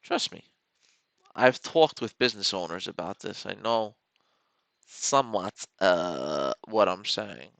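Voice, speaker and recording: A man's voice: low voice, lively intonation, slow pace, vocal fry, fairly bright tone, dry recording. A man hosting a live stock trading stream, rambling and joking in casual commentary. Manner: joking, rambling, talks to the chart. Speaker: stock trading livestream host.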